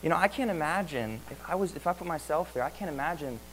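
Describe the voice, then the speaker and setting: An earnest male preacher delivering a sermon, full of rhetorical questions and stammered repeats. His voice sits a little higher than most men's. A faint hum runs beneath the recording. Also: expressive, fast, low-quality recording.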